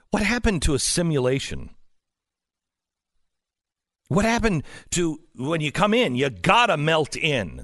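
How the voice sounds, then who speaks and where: A male talk host in a studio, voice pitched a little high and swinging widely as he presses his points. He talks in an emphatic, sarcastic way, firing off rhetorical questions. The sound is close and dry. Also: very animated, normal speed, fairly bright tone, dry recording. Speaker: political talk show host. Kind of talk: opinionated political monologue.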